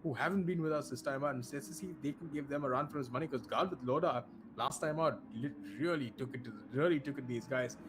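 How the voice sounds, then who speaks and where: A man's voice: mid-range voice, quick pace, few pauses, background noise. A man commentating an online racing event, chatty and full of restarts. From India. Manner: chatty, many restarts, laughs easily. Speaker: esports race commentator. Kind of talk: live race commentary.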